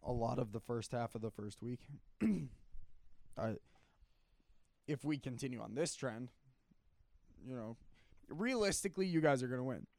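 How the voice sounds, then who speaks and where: A man in a casual sports debate who is losing his voice, animated, often clearing his throat and restarting his sentences. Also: mid-range voice, measured pace, pauses often, dry recording. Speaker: sports talk co-host.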